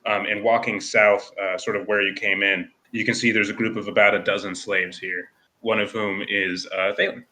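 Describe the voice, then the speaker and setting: A man narrating as game master in a tabletop game, relaxed and full of fillers. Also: fairly low pitch, normal speed.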